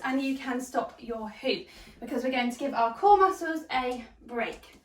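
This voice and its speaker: A woman's voice: high voice, measured pace, few pauses, reverberant, distant mic. A woman leading a hoop workout, out of breath, cheering people on and counting down the reps. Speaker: fitness instructor. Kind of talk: workout instruction.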